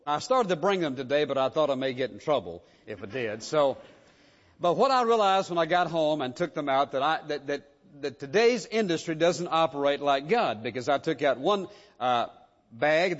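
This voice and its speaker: A male pastor delivers his sermon in an emphatic, repetitive preaching cadence, his voice sitting a little higher than most men's. The recording is dull and muffled, and a long reverb trails each phrase as it fills a large church hall.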